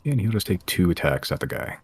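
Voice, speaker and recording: Man, extremely low voice, husky, dry close sound, game master narrating a tabletop game, casual and rambling. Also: very animated, a little fast, no echo. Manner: loose, filler-heavy description.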